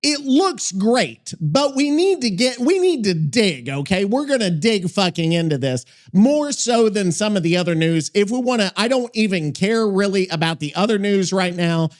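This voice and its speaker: A man with a high-pitched voice hosts a casual podcast. He rambles, swears constantly and cuts himself off mid-thought as he goes. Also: animated, moderate pace, hardly any pauses. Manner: rambling, swears a lot, self-interrupting. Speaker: podcast host. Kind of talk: casual profane podcast chat.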